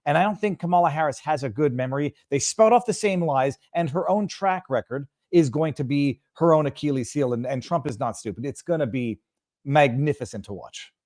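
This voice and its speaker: Canadian guy on a talk show, kinda high voice, punchy, stumbles into sentences. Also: fairly quick, a little mellow, dry recording, clean studio sound. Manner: emphatic, repeats words when starting. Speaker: guest. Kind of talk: political talk show interview.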